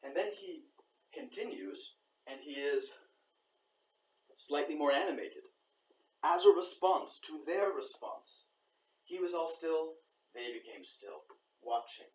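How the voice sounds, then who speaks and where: A man's voice: fairly high pitch, lively intonation, slow pace, pauses often. A man talking through his ideas aloud in a rambling reflective monologue, breaking into little voices for the reactions he describes. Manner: thinking aloud, acts out quoted reactions. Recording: roomy echo, far from the mic, faint background noise.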